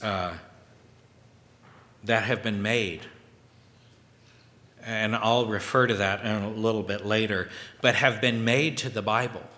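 A man preaching a scripture sermon, slow and halting, reading verses aloud between his own remarks. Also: lowish voice, pushed and bright. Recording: long hall reverb.

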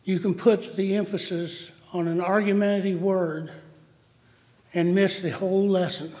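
A high-pitched man delivers a sermon, stopping and restarting his phrases and correcting himself mid-thought. His voice rings out with a long reverb, as if recorded in a large hall. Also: level tone, darkish tone. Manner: halting, with restarts and self-corrections.

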